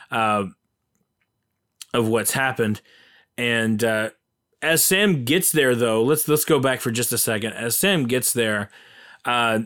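A man's voice: mid-range voice, fairly bright tone. A man casually and enthusiastically retelling a film's plot, rambling with many fillers. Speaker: film commentator.

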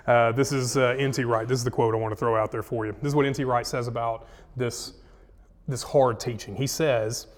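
A man's voice: mid-range voice, steady tone, brisk, long reverb tail. A man leading a casual Bible study, retelling scripture in slangy, folksy speech.

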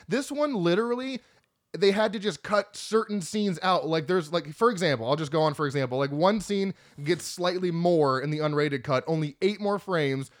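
A man co-hosting a casual movie podcast, rambling with lots of fillers and the odd swear. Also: fairly high pitch. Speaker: podcast co-host.

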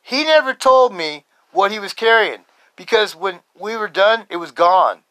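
A man in his fifties telling a story as a podcast host, casual and excitable, swearing and laughing often. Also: high-pitched, a little slow, no echo. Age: 50s.

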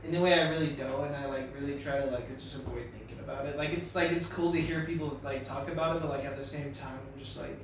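A man's voice: mid-range voice, fairly even intonation, fast, few pauses, far from the mic, background noise. Young man, echoey and off-mic. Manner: slangy, hesitant, filler-heavy. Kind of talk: casual chat.

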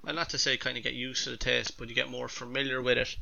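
A man's voice: medium pitch, flat delivery, fast talker, gravelly, pushed and bright, lo-fi sound. A man co-hosting a podcast, thoughtful and hesitant, searching for words. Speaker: podcast co-host. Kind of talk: casual chat.

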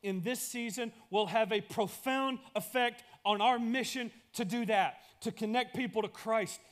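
High-voiced pastor preaching emphatically. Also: male voice, unhurried, fairly bright tone. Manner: emphatic, builds through repeated phrases. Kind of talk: sermon.

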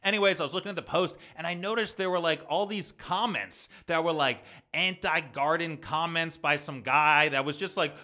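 A young man with a fairly high, bright voice, hosting his own podcast. He talks in a casual, heated rant and swears freely as he vents. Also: moderate pace, few pauses. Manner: heated, ranting, profane. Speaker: podcast host and comedian.

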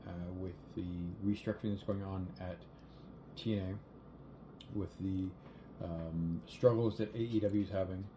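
A man co-hosting a casual podcast, his voice low and mellow. He speaks in a measured, halting way full of fillers. A faint hiss sits under the recording. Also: fairly even intonation. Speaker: podcast co-host. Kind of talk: casual chat. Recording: faint background noise.

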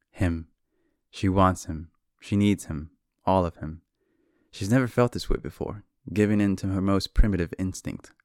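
A man with a deep, clean voice opens his podcast in a relaxed, self-deprecating way, dropping the odd swear word. After the casual intro he turns to a dramatic reading of a novel. The studio recording is clean with no echo.

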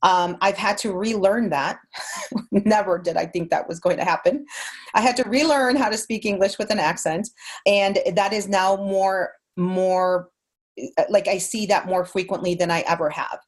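A woman from Mexico with a light Mexican accent speaks at medium pitch and moderate pace. She's a voice actor guest on a podcast roundtable, talking earnestly and gratefully while thinking aloud.

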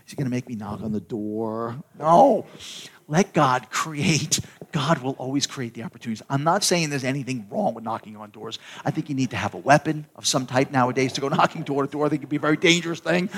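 A middle-aged pastor with a fairly high male voice delivers a sermon as a casual, story-driven talk, often stumbling back to repeat or restart words.

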